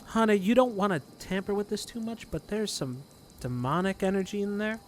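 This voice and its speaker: A woman's voice: mid-range voice, fairly quick, faint music behind, lightly acted. A man doing a southern mama innkeeper. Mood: concerned. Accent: American Southern. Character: motherly southern innkeeper woman, fussy and kind.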